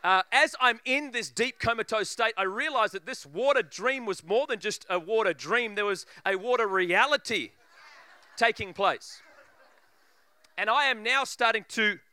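A preacher telling a funny story in a sermon, acting out voices and laughing often. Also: male voice, high voice, animated, moderate pace, sharp tone, smooth, no echo.

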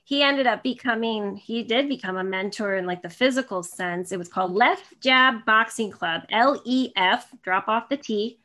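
A woman in her thirties speaks as an interview guest, telling her own story. She rambles, restarting phrases and filling pauses. Her voice sits a little high. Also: bright, forceful tone. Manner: rambling, many restarts and fillers, emotional.

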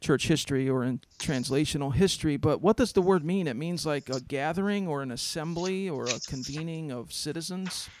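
A man's voice: on the high side, brisk, hardly any pauses, darkish tone, slight background noise. A man hosting an interview who asks curious questions and offers short affirmations.

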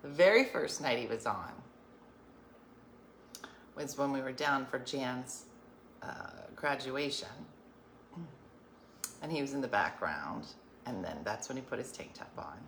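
A woman hosts an online show, chatting casually with viewers in a live stream and laughing as she tells stories. Her voice is extremely low in pitch yet fairly bright in tone. The room is echoey, with a little hiss or hum.

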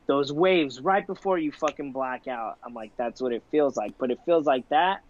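A man's voice: mid-range voice, moderate pace. Laughing, profane young man with a dull lo-fi sound. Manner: profane, laughing, animated storyteller with filler "like". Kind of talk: casual podcast chat.

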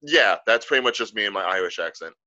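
Casual podcast co-host, male, lowish voice with a forceful edge, lively storyteller, slightly muffled audio. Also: quick pace, no room sound. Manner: animated, storytelling. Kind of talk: casual conversation.

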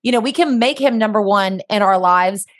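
A woman's voice: mid-range voice, moderate pace. A woman hosting a Christian podcast, upbeat and encouraging, with a preacherly way of talking. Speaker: podcast host.

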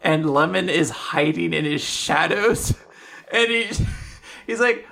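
Animated woman retelling a story. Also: on the low side, a little slow, creaky. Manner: animated retelling, acting out quotes with laughs. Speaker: podcast co-host recapping manga. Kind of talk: casual chat.

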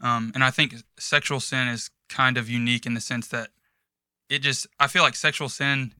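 A man co-hosting a church podcast, adding thoughtful, measured remarks. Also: mid-range voice, fairly even intonation, bright, forceful tone, smooth, no room sound, clean studio sound. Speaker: podcast co-host. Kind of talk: casual church podcast chat.

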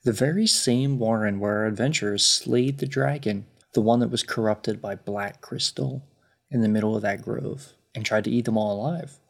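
A man narrating a tabletop game as its game master in a relaxed, chatty way. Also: lowish voice, normal speed, gravelly.

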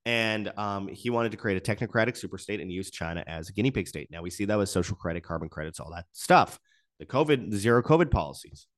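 A man delivering opinionated news commentary in an animated, indignant ranting manner, often restarting his words. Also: lowish voice, quick pace.

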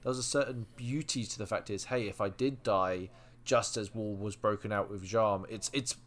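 A man co-hosting a podcast, chatting casually and telling stories in an animated way, often repeating words. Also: fairly low pitch, normal speed. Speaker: podcast co-host. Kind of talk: casual chat.

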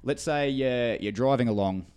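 A man talking as a guest on a podcast, an animated storyteller who swears freely. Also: mid-range voice, normal speed, clear, resonant tone. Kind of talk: casual podcast conversation.

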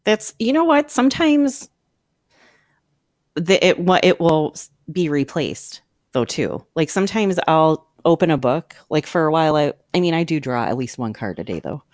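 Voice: mid-range voice, very animated, normal speed, no room sound, studio quality. A host in casual chat, talking in a chatty, rambling way and telling stories with animation.

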